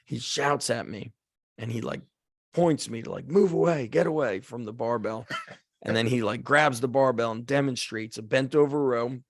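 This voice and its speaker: A man spins a casual podcast story, animated and chatty, leaning on "like" as he acts out the shouting in it. His voice has a gravelly fry. The sound is dry and close, with no room around it. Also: mid-range voice, normal speed, dry recording. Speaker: podcast host.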